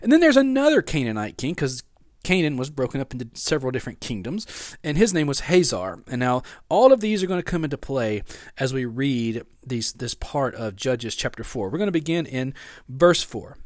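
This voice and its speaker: A male pastor preaching a sermon, reading scripture and telling the story with animated asides to the congregation. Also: medium pitch, brisk, no room sound, clean studio sound.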